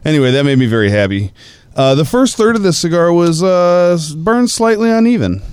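A man's voice: a little high, very animated, fairly quick, darkish tone, clean tone, no room sound. A man co-hosting a casual chat show, enthusiastic and descriptive as he lists flavors. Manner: enthusiastic, descriptive, listing tasting notes. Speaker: podcast co-host.

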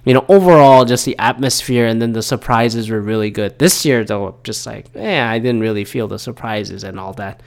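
A man's voice: medium pitch, moderate pace, vocal fry, hardly any pauses. Host, thirties, male; loose and profane, rambling talk with many fillers. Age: 30s. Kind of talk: casual solo commentary.

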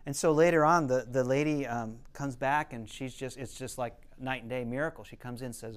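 A man with a smooth, resonant voice of middling pitch gives a relaxed teaching talk. He speaks as a counselor would, earnest and explanatory. He leans on stories to carry his points. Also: moderate pace.

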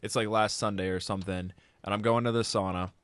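A young man co-hosting a podcast, telling a story in a crude, profane, deadpan way. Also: on the low side, fairly quick, no echo. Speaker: podcast co-host. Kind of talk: casual storytelling.

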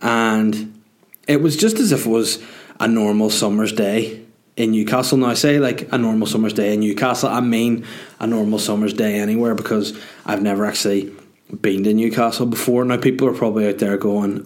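A man's voice: fairly low pitch, steady tone, a little fast, darkish tone. A Northern Irish man in his thirties hosting a solo podcast from home, rambling and self-mocking with sweary humor. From Northern Ireland. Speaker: podcast host. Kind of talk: solo casual podcast monologue. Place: dining room at home.

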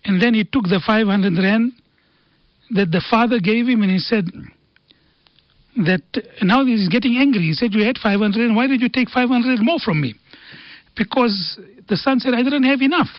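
Earnest radio guest. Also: male voice, high-pitched, moderate pace, dry recording. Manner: earnest storytelling with Arabic quotations. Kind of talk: radio talk on faith and family. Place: radio studio. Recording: dull dry radio studio sound.

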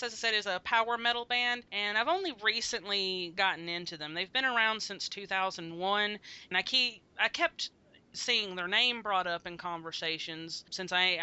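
A woman's voice: mid-range voice, bright, forceful tone, clean tone, highs cut off. A woman hosting a music podcast in casual chat. She talks in a chatty way, laughs often and uses many fillers. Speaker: podcast host.

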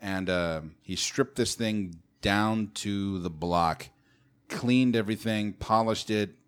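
A man's voice: fairly low pitch, slow, clear, resonant tone. A man chatting casually as a podcast co-host, laid-back, jokey and profane. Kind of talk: casual banter.

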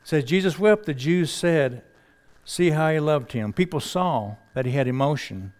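A man's voice: fairly high pitch, expressive, normal speed, darkish tone. A man preaching a sermon in a conversational, folksy way, asking the congregation rhetorical questions.

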